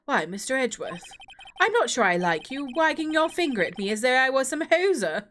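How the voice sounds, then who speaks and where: A woman's voice: high-pitched, big pitch swings, brisk, a bit bright. A woman voicing a stern older male judge in a put-on posh English accent, prim and fussy.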